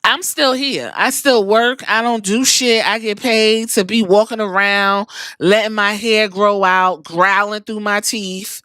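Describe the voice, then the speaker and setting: A woman's voice: mid-range voice, fairly bright tone, clean tone, no echo, lightly acted. A woman loosely voicing a smug, brooding male wrestler in a casual profane paraphrase.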